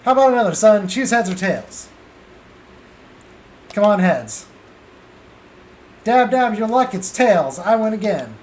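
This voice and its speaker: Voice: mid-range voice, sing-song, unhurried, pauses often, a little mellow, slight background noise. A streamer voicing a crooked adult male gambler who puts on a folksy drawl, reading game dialogue aloud. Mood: smug. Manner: drawling, folksy, calls everyone son.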